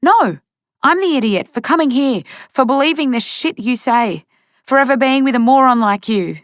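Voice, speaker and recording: A woman's voice: medium pitch, moderate pace, no echo, clean studio sound, natural voice. A woman voicing a distressed, angry young woman who speaks urgently. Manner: urgent, emotional.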